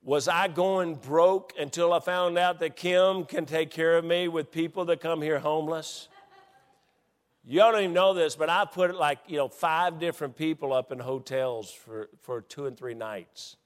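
Middle-aged male pastor, fairly high voice, halting delivery with many restarts, long reverb of a church hall. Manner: halting, many restarts, then builds to excited storytelling. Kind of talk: sermon.

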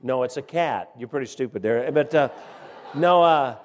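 A man preaching a sermon and telling a humorous story in a folksy, halting way, with many fillers and restarts. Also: mid-range voice, in a large hall, slight background noise. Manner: folksy, halting, grows loud and excited in the story.

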